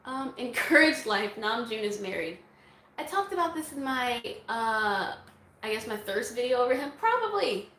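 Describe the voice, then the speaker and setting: A woman's voice: on the high side, very animated, normal speed, fairly bright tone, echoey room, low-quality recording. A woman vlogger answering viewer questions in a casual, chatty way, laughing often. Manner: chatty, laughs often, breaks into song snippets. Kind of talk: casual Q&A chat.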